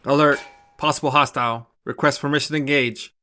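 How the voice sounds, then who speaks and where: A man's voice: medium pitch, steady tone, fairly quick, pushed and bright, pitched above the performer's own voice, lightly acted. A man reading a short story, voicing a mech's robotic computer voice with clipped alert announcements. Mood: alarm announcements.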